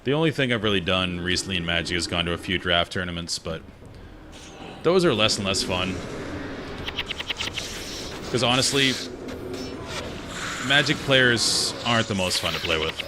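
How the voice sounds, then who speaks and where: A man streaming a game while chatting casually in a relaxed, rambling, opinionated way. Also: low-pitched, moderate pace, pauses often, noisy background. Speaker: gaming streamer. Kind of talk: casual chat while playing. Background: game music.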